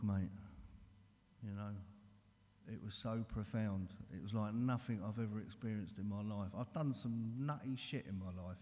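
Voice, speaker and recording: Bloke doing a recovery share, earnest and blunt, keeps saying mate, warm mellow voice, long hall echo. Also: male voice, on the low side. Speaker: recovery speaker.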